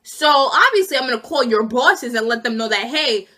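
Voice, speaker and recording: A young woman vlogger telling an indignant, animated story about being fired, acting out each side of the conversation. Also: on the high side, moderate pace. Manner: indignant, animated retelling with acted quotes. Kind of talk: casual storytime rant.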